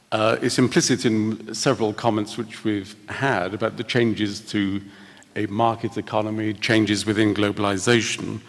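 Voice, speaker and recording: Low husky moderator guy, polite n quick, lecture hall echo. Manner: polite, brisk calling on questioners. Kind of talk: chairing a Q&A session. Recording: long reverb of a big hall.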